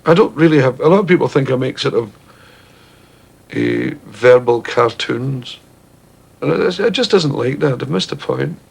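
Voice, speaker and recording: A Scottish man with a Glaswegian accent, a comedian telling stories on stage and talking about his material in an animated way. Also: normal speed, gravelly, husky. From Scotland. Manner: animated, jumps into shrieking high voices for characters. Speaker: stand-up comedian. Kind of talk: stand-up storytelling. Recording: faint hiss, 1970s TV recording.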